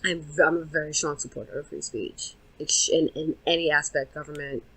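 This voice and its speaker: A woman's voice: deep voice, steady tone, fairly quick, slightly rough, rough recording. A woman co-hosting a podcast in casual chat, blunt and swearing a lot. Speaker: podcast co-host.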